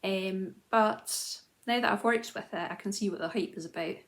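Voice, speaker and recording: Woman, 30s, knitting vlog host, casual and self-mocking, slight fry in the voice. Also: mid-range voice, moderate pace. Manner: chatty and self-deprecating, with frequent "um" and restarts. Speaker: knitting video journal host. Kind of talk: casual chat to camera.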